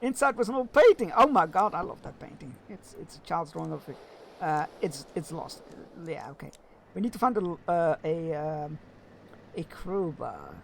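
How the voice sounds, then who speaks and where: A man's voice: fairly high pitch, sing-song, moderate pace, creaky, a little hiss or hum. A man streaming a video game, chatting casually and musing aloud, with frequent fillers and chuckles. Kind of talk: casual gameplay commentary.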